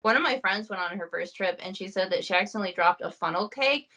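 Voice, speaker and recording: A woman's voice: mid-range voice, animated, fast, pushed and bright, dull audio. A young woman hosting a casual chat, telling stories with quoted asides and easy laughs. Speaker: host.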